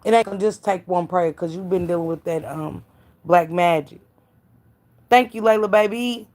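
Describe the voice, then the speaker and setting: A woman's voice: fairly low pitch, moderate pace, a little mellow. Blunt woman gossiping to chat. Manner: blunt, profane, preachy, calls out chat viewers by name. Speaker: live stream commentator. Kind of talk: casual gossip commentary to live chat.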